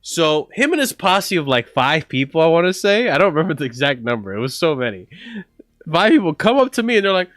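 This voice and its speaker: A man's voice: a little high, brisk, no echo, studio quality, soft background music. A man casually telling a story on a livestream, rambling and profane, full of "bro" and "like". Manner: animated, laughing through the story.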